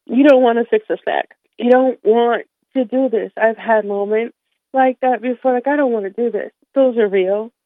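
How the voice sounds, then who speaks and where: A woman's voice: medium pitch, dry recording. Candid woman guest on a phone line. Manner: emotional, candid, warm with light laughter. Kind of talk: radio interview.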